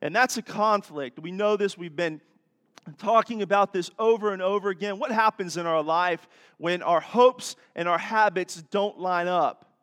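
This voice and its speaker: Male pastor, folksy and chatty, high voice, long church reverb. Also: moderate pace, fairly bright tone. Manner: folksy, chatty, audience asides. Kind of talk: sermon with jokes. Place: church sanctuary.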